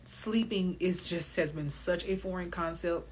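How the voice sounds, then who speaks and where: A woman hosting a wellness podcast, talking candidly on her own in an animated, emphatic way, swearing freely and laughing often. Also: lowish voice, unhurried, slight background noise. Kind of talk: candid solo podcast monologue.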